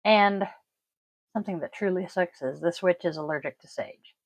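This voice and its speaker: A woman hosting her own podcast, talking casually and deliberately, stressing key words with frequent ums. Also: lowish voice, no room sound, rough recording. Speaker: podcast host. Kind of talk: casual solo podcast talk.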